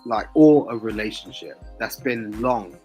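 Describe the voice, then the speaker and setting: A man's voice: on the low side, measured pace, a little mellow, faint music behind. A man on a podcast panel, talking hesitantly and searching for his words. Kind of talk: casual chat.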